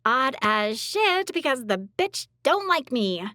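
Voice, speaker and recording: A woman's voice: high-pitched, very animated, slow pace, bright, forceful tone, dry recording, clean studio sound, full character voice. Woman voicing Abby, a swearing wounded twin. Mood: defiant. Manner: crude, swearing, defiant. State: wounded, weak. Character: foul-mouthed wounded young woman, a feisty twin. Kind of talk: audiobook drama acting.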